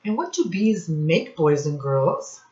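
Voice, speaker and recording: A woman reads a children's storybook aloud very slowly, in a sing-song, teacherly manner. Her voice sits low for a woman. The sound is roomy and a bit dull, like a lo-fi home recording. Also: very animated, warm tone. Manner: slow, sing-song teacherly, asks children questions and praises them. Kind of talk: read-aloud storytime for young kids.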